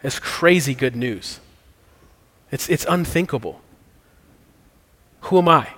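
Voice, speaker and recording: A man preaches earnestly in a church sanctuary, mixing casual slang into his sermon before leading communion and prayer. His voice sits in a middle pitch. It rings with the long reverb of a large hall. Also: lively intonation, takes it slowly, fairly bright tone. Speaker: pastor.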